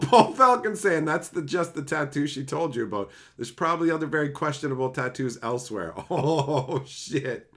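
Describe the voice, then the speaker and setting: A Canadian man on a live stream goes through the chat, trading crude jokes and laughing plenty, occasionally sinking into quieter, earnest advice.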